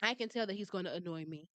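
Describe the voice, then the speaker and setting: A woman's voice: lowish voice, fast, fairly bright tone, no echo. A woman giving blunt, sassy commentary on a trial, laughing often. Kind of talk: casual commentary.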